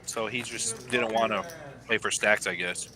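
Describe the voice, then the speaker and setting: A man calling a live poker game, giving measured, analytical play-by-play. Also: on the low side, fairly even intonation, sharp tone. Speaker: poker commentator.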